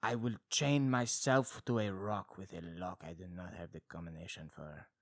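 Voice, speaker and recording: A man's voice: low voice, fairly even intonation, no echo. A man putting on a melodramatic fake Italian. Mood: grim. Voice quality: slow, theatrical, drawn-out delivery. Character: melodramatic mock-Italian man, mournful and grand.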